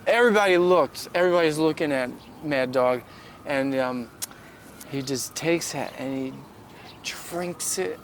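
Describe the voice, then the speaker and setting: Slow-talking guy with a slightly high voice, stumbling through a goofy story outside. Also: a little hiss or hum. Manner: halting, many fillers. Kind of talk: improvised comic storytelling. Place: outdoor city park.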